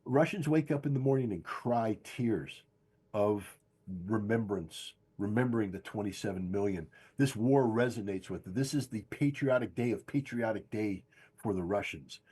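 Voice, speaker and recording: Older guy talking politics on a stream, low husky mellow voice, keeps repeating his points hard. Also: moderate pace. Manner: emphatic, insistent, repeats key phrases. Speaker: guest analyst. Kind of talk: political commentary on a podcast stream.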